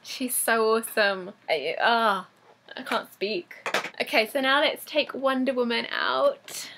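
Excitable girl unboxing fan mail, high bright voice, keeps gushing. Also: a little slow. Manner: gushing, excitable, laughs often. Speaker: YouTuber opening fan mail. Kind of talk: casual unboxing vlog.

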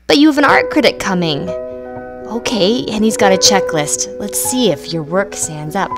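A woman's voice: medium pitch, animated, measured pace. A woman narrating a writing lesson in a playful, encouraging, sing-song way. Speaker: teacher narrating. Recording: loud music behind the voice.

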